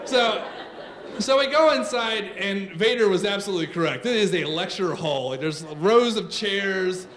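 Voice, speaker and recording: A man in his thirties telling a true story on stage, animated, comic and self-mocking. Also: sits high, normal speed, slight background noise.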